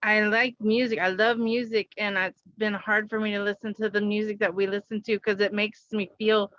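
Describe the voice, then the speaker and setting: A woman's voice: medium pitch, flat delivery, moderate pace, fairly bright tone, no echo. Hesitant woman client, dull dry sound. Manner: hesitant, laughs often. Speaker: client at a reading. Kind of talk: casual conversation.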